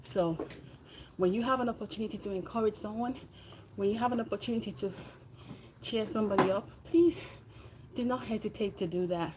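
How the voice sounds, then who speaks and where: A woman talks to her livestream viewers in an encouraging, motivational way while she rides an exercise bike, and now and then she sounds a little out of breath. Her voice sits at an ordinary middle pitch. A steady background noise runs under the recording. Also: a little fast, long pauses. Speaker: livestreaming fitness vlogger. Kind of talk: casual livestream chat with viewers.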